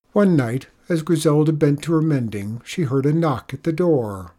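A storyteller reads a folk tale aloud with measured, expressive pacing. The voice is husky and sits at a middling pitch. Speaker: narrator. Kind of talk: storybook narration.

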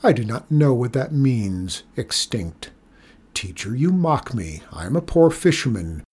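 A man with a husky voice reading the lines of a proud, harsh old fisherman in a storybook. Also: medium pitch, big pitch swings, unhurried, a little mellow. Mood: resentful. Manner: scornful, harsh.

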